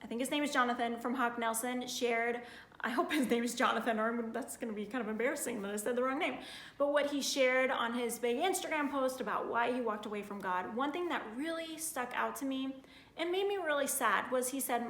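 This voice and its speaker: A woman's voice: a little high, normal speed, fairly bright tone, echoey room. A woman in her thirties sharing a heartfelt personal testimony in a casual, earnest way, full of "like" fillers. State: getting emotional.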